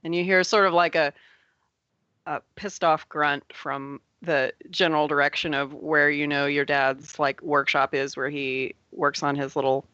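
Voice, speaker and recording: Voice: mid-range voice, flat delivery, a little slow, sharp tone, dry recording, dull audio. A game master narrating a tabletop game in a loose, rambling way, laughing often.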